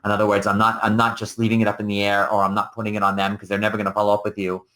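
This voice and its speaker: A man hosting a live coaching show, teaching in a casual, animated way and acting out conversations with clients. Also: fairly low pitch, very fast. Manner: animated and conversational, acts out client dialogues, frequent "like" and "right?".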